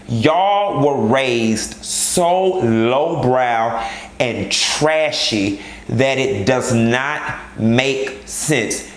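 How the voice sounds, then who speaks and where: A man's voice: mid-range voice, fairly bright tone, reverberant. A man giving candid, blunt commentary on a reality show and speaking straight to its cast in a sassy manner.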